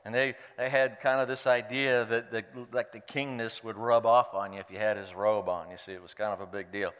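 A man's voice: lowish voice, fairly quick, hardly any pauses, smooth, big-room sound. A man preaching, reading scripture aloud and adding playful, joking asides. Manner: playful, animated storyteller who jokes aside. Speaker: pastor.

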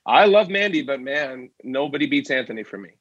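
A man's voice: mid-range voice, lively intonation, fairly quick, creaky, slightly rough, dry recording, lo-fi sound. A man, a working actor, talking as a guest in a casual interview, enthusiastic and a bit rambling.

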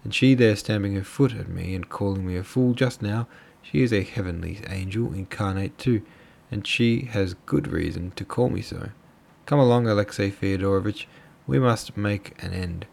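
A man voicing a poor, excitable middle-aged captain who pleads and frets. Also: fairly low pitch, normal speed, creaky, hardly any pauses. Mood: pleading.

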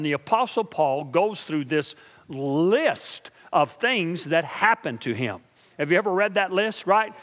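A middle-aged male pastor preaching a sermon, asking his congregation questions and swinging from quiet, slow intensity to loud, emphatic build-ups. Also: a little high, long reverb tail. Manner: preaching with call-and-response asides to the congregation.

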